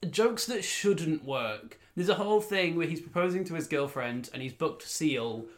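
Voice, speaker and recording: A man's voice: a little high, animated, moderate pace. A man co-hosting a podcast, chatting casually about a film and acting out scenes as he retells them. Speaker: podcast co-host. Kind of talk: casual film-review chat.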